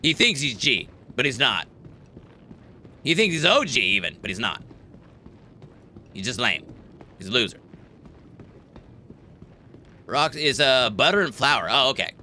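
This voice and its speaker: An American man with a medium-pitched, sharp-toned voice streams a space game and chats casually, joking and swearing heavily. He's very animated at a moderate pace with long pauses, and there's a little hiss or hum in the recording.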